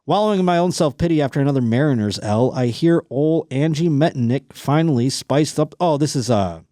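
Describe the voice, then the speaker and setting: A man's voice: a little high, animated, fairly quick, warm tone, no echo. Dry-sounding crude comedic podcast host man. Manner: crude, sarcastic riffing on listener stories. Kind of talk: comedic news commentary.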